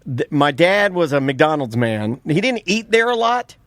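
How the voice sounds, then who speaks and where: A man's voice: fairly high pitch, sing-song, measured pace, a bit bright, no echo, studio quality. A man co-hosting a casual radio show, blunt, profane and opinionated. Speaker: co-host.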